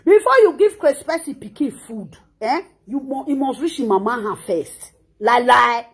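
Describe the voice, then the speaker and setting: A woman's voice: a little high, animated, moderate pace, breathy edge. A Nigerian woman in her thirties with a Nigerian Pidgin accent, scolding in an impassioned reaction monologue and often repeating words. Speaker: social media commentator.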